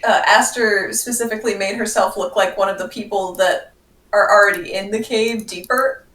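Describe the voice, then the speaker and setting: A woman playing a tabletop game, speaking slowly and hesitantly. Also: mid-range voice, steady tone, a bit bright. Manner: slow, hesitant. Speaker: player. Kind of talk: casual tabletop play. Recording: roomy, distant mic.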